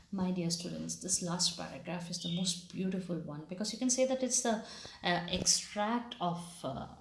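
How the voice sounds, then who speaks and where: A woman teaching a class. She reads a story aloud and patiently explains its words, pausing with fillers. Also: on the low side, a little hiss or hum. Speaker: English teacher. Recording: echoey room.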